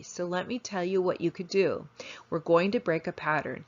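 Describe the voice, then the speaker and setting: A woman's voice: fairly low pitch, moderate pace. A woman instructor telling stories in a lecture, acting out quoted voices as she goes. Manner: animated, acts out quoted voices in her stories. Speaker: family therapist and instructor. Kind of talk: storytelling lecture. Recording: dull lo-fi recording.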